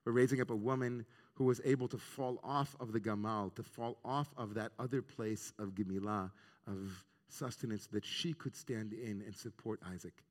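Earnest rabbi preaching in a reverberant hall. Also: male voice, fairly low pitch, steady tone, moderate pace. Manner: reflective, earnest, weaves in Hebrew terms. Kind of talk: sermon on the weekly Torah portion. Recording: long reverb of a large hall.

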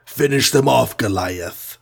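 A man voicing a cruel, mocking alien villain in a storybook reading, with a husky voice. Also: medium pitch, animated, unhurried, exaggerated voice. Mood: commanding. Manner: commanding, mocking. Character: sinister alien male villain, gloating and cruel.

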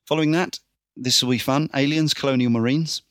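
A man hosting a casual podcast, briskly reeling off a list with dry little asides. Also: mid-range voice, steady tone, no room sound. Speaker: podcast host.

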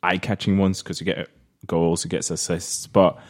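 A man's voice: low voice, level tone, moderate pace. A Norwegian man with a Norwegian accent, a podcast panelist talking football in a hesitant, considered way. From Norway. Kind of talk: casual football chat.

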